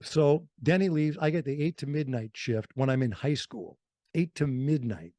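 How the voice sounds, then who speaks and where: A man from Wisconsin telling stories as a radio guest in a studio, lively and slipping into other voices for quotes. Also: on the high side, normal speed, no room sound. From Fond du Lac, Wisconsin. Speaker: radio host and interview guest. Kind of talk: storytelling interview.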